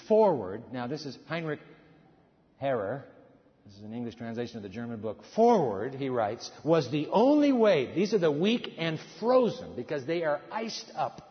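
Guy preaching in a big church, voice swings loud to soft, kinda dull recording with long echo. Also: on the high side. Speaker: pastor. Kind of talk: sermon. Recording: dull sound in a hall with long reverb.

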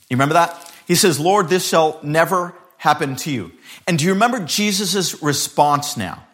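A man preaching a sermon as a pastor, telling scripture as a dramatic story and changing his pace and loudness often. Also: a little high, animated, moderate pace.

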